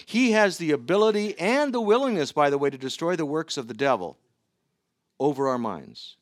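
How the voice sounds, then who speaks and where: Man, middle-aged, pastor, sermon, earnest, halting restarts, fairly high voice, dry sound. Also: expressive, dry recording.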